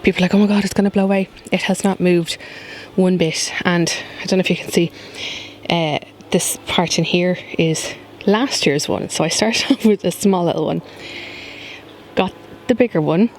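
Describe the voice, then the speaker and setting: A woman's voice: on the low side, moderate pace, rough recording. A woman chats to camera in a rambling way as she works in her back garden, with many fillers. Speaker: gardening vlogger. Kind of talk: casual chat to camera. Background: faint outdoor noise.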